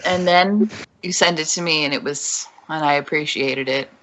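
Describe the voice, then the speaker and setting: A woman's voice: low voice, normal speed, a bit bright. A woman co-hosting a fan podcast, chatting casually and enthusiastically with frequent giggles. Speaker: podcast co-host. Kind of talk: casual chat.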